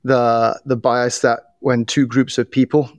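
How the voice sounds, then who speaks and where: A middle-aged man, a guest on a podcast, explaining how people's biases work in an animated way, telling stories and often restarting his sentences. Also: medium pitch, measured pace, no echo. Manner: animated storyteller with repeated restarts. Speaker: podcast guest, bias trainer. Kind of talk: casual interview talk.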